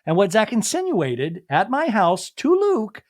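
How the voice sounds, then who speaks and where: Animated man doing a comic recap. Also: high-pitched, measured pace. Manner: animated, profane, jumps into exaggerated impressions. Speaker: podcast host. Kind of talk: comedic reality TV recap.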